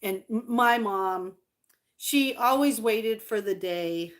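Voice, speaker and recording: A middle-aged woman vlogger chatting casually to her viewers, rambling with fillers and doting warmly over old collectibles. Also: medium pitch, takes it slowly. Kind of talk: casual livestream chat.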